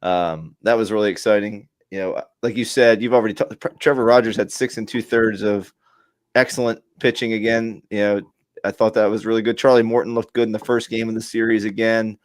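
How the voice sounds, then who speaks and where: A man's voice: fairly low pitch, fairly even intonation, a little fast, dry recording. A man co-hosting a casual sports podcast, easygoing and upbeat. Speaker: podcast co-host.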